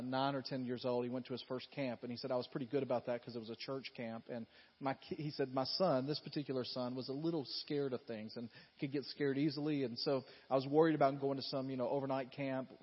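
A man preaching a sermon to his congregation, his delivery swinging from loud emphatic bursts to quiet, intimate storytelling. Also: mid-range voice, breathy edge, lo-fi sound. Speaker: pastor.

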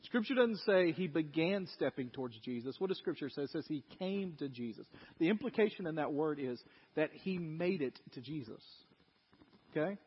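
A pastor preaching a sermon in animated storytelling style, acting out people's voices, recorded in a church with an echoey, dull lo-fi sound. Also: male voice, a little high, normal speed, slightly rough.

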